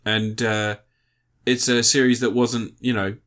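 A man's voice: mid-range voice, level tone, a little slow, a bit bright. Man, casual podcast chat, laughs often, swears, trailing sentences. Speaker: podcast co-host.

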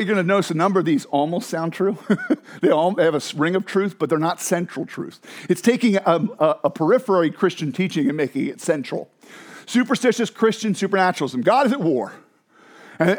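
Animated man preaching a sermon. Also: high-pitched. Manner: animated, conversational preaching with emphatic asides. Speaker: pastor.

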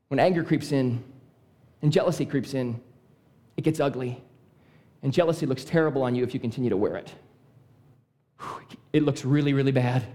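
A male preacher with a high-pitched voice delivers a sermon in an emphatic, repetitive style. He lowers his voice to stress key points before lifting it again. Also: warm tone.

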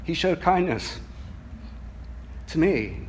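A man preaching a sermon, earnest and reflective, moving from soft musing to emphatic passages and reading scripture slowly. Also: a little high, big pitch swings, slight background noise. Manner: reads scripture slowly and deliberately.

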